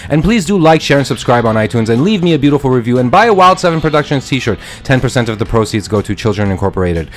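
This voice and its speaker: A man's voice: mid-range voice, big pitch swings, fast talker, hardly any pauses. A man hosting a comedy podcast, laid-back and drawling, with casual swearing. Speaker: podcast host.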